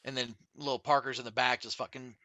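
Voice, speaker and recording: A man, a podcast guest, telling a long story in a casual, animated and very profane way. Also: mid-range voice, fast talker, highs cut off, a crowd in the background. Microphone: studio podcast mic.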